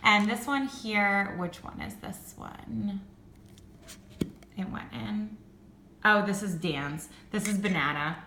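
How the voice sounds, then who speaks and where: A young woman reviewing candles in a casual vlog, gushing and excitable, with lots of "like" fillers. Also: medium pitch, slow pace, pauses often, roomy sound, slight background noise. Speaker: beauty and candle vlogger.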